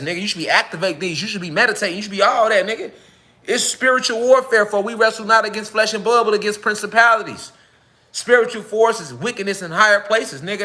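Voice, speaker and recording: A man talks straight to his audience in a casual monologue. His voice sits high and bright. He swears freely and keeps asking whether you hear him. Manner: profane, emphatic, repeats rhetorical questions. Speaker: online talk host.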